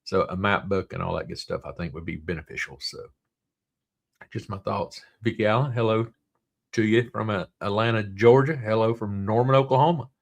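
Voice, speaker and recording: Gravelly low-voiced man with a Southern drawl. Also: moderate pace. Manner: rambling, reads viewer comments aloud. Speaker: livestream host. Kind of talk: casual livestream chat.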